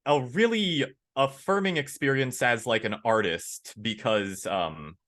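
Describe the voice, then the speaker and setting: A man, a voice actor, chatting casually in an interview, animated and candid, laughing easily. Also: unhurried. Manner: animated, acts out quoted lines with big pitch jumps. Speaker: voice actor guest.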